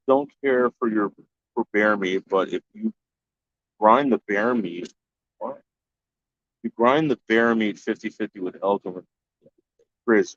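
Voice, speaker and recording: A blunt, low-voiced man chats casually with viewers on his stream, answering chat, cursing, and frequently starting his sentences over. The recording is dull, lo-fi, and dry.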